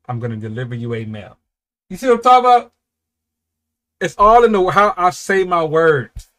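In this music reaction, the male host is casual and worked up, swearing often as he shifts from muttering under his breath to loud bursts.

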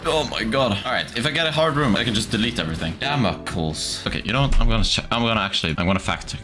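A man streaming a game in casual commentary, excitable, swearing often and laughing a lot. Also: fairly low pitch, very fast. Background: game music.

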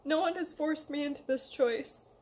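High-voiced young woman, emotional and halting, reading a heartfelt letter aloud to her loved ones. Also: darkish tone. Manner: emotional, hesitant, pleading, reads a letter aloud. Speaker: vlogger. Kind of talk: emotional personal confession.

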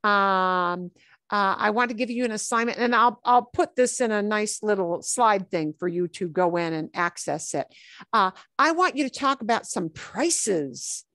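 A woman's voice: mid-range voice, animated, measured pace, a bit bright, dry recording. Chatty woman teaching Spanish, dry sound. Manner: chatty, mixes Spanish phrases into English explanations. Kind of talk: online class lesson.

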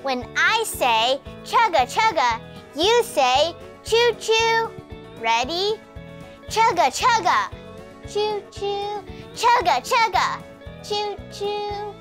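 A performer voicing a cheerful young girl puppet who hosts a children's church show, speaking in a bubbly, slow, exaggerated way for small children. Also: extremely high pitch, expressive, over music, heavily acted.

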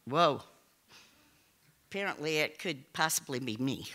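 Animated woman telling a funny story. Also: deep voice, a little slow. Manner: animated, laughs often, exclaims. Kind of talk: live personal storytelling.

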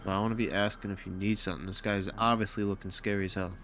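A man giving casual, excitable gameplay commentary with plenty of cursing and trash talk, his nose stuffy. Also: fairly low pitch, very fast, very noisy. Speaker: gaming video creator. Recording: game music behind.

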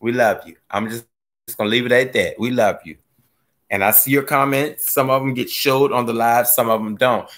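A man hosting a gardening live stream, chatting casually as he reads viewer comments, joking and laughing, his voice swooping from low mutters up to high squeals. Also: moderate pace, fairly bright tone. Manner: playful, laughs often. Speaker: gardening livestream host.

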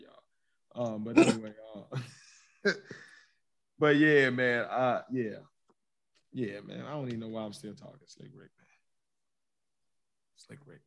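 A man co-hosting a podcast, giving blunt, profane opinions in relaxed slang. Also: fairly low pitch, gravelly. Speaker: podcast co-host. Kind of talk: casual debate chat.

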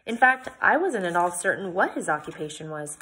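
A woman's voice: on the low side, very animated, a little fast, pushed and bright, slight background noise. A woman reading a novel aloud, with plain narration and chatty comments between passages.

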